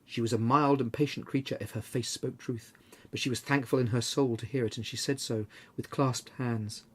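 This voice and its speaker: A man narrating a classic story aloud in a measured, expressive way, with a husky voice. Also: mid-range voice. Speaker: reader.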